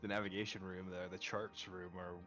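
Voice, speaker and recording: A man's voice: sits low, level tone, fairly quick, bright, forceful tone, muffled recording, soft background music. A man playing in a tabletop game, talking casually and a little hesitantly. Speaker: player.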